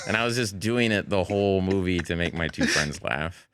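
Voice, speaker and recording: A man chatting as a talk show guest, telling animated stories about his comedy work. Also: low voice, normal speed, clear, resonant tone. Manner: animated storytelling, slips into character voices and laughs. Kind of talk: casual talk show chat.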